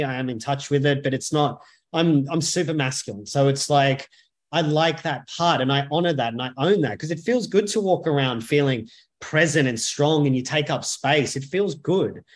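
A man's voice: fairly high pitch, moderate pace. A man, speaking as a men's coach and podcast guest, talking bluntly and emphatically with frequent swearing. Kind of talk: podcast interview conversation.

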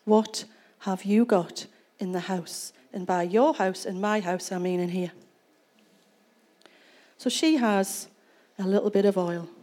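Woman preaching in church, mellow low-key voice, chatty storytelling. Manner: conversational storytelling, reads scripture then explains it. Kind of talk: sermon.

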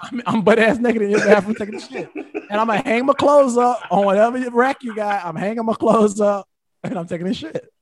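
High-voiced young man, crude storytelling. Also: a little fast, no echo. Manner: animated, profane storytelling with slang. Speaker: podcast co-host. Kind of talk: casual crude chat.

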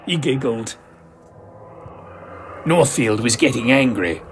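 A man's voice: a little high, big pitch swings, moderate pace, slight background noise. A man narrating a comic mystery in a theatrical, camp manner. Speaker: storyteller.

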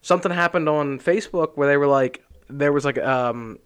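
A man's voice: on the high side, moderate pace, clean tone. A young man, co-hosting a podcast and telling stories animatedly in casual chat, swearing often. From Philadelphia area. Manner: animated storytelling, swears a lot. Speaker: podcast co-host.

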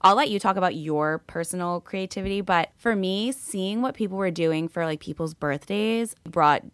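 A woman's voice: lowish voice, normal speed, dry recording. Giggly bubbly woman in her twenties. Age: 20s. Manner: bubbly, giggly, says "like" often. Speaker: podcast co-host. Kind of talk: casual chat.

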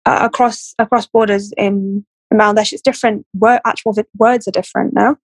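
A woman from England with a Blackpool accent and a husky voice, chatting openly as a podcast guest. She muses as she talks. The sound is dry and close. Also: mid-range voice, steady tone, a little fast, no room sound, low-quality recording. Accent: English, Blackpool. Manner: open, chatty, musing. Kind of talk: casual conversational interview.

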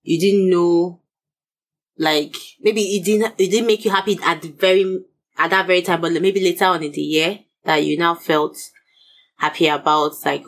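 A woman's voice: fairly even intonation, moderate pace. Chatty woman teasing her husband. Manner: chatty and teasing, her pitch jumping up when she presses a point. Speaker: podcast co-host, married to the other speaker. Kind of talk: casual chat.

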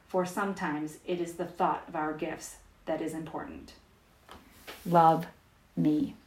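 A woman volunteer leading a school morning prayer and storybook reading, in measured, careful reading aloud. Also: on the low side, reverberant, low-quality recording.

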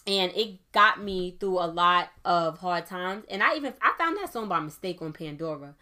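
Young woman podcast host; quick, chatty delivery with a bright, forceful edge. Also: lowish voice, animated. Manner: chatty, fast-talking, affirming with "okay?". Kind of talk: casual faith podcast monologue.

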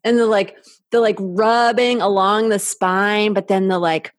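A woman speaking as a podcast guest in an intimate conversation, slow and halting, soft, with many filler likes. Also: medium pitch, fairly even intonation, no room sound, clean studio sound.

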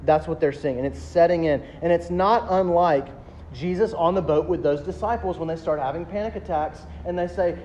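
A man, preaching a sermon as a pastor, emphatic and animated, slowing down to stress key words. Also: on the high side, a little hiss or hum. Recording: dull lo-fi sound with faint ambience.

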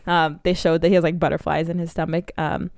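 A woman's voice: sits low, flat delivery, fast, creaky, a little mellow, no room sound, clean studio sound. A woman co-hosting a podcast, chattily recapping a movie plot with lots of fillers. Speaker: podcast co-host. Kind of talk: casual movie review chat.

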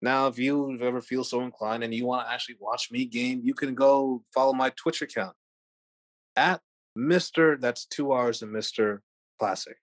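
A man's voice: mid-range voice, steady tone, normal speed, dry recording. Man, podcast guest, mid voice, earnest, upbeat, dry recording. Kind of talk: interview answers.

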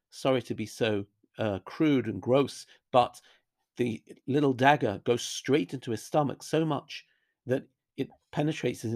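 A man giving a Bible lesson in a thoughtful, unscripted way, pausing on fillers and quoting Hebrew verses. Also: mid-range voice, a little mellow. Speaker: Bible teacher. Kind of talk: lecture on a Bible chapter.

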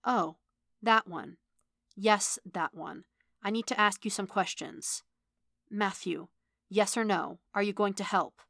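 A woman voicing an impatient, sharp-tongued female android, speaking in urgent, exasperated bursts. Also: mid-range voice, slow, vocal fry, pauses often, no room sound, clean studio sound, exaggerated voice. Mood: snippy.

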